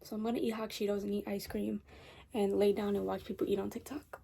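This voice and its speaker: A woman's voice: mid-range voice, flat delivery, quick pace, gravelly, warm tone, slight background noise. A teenage girl chatting casually in a rambling storytime vlog, repeating herself as she goes. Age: teens. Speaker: vlogger. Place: bedroom at night.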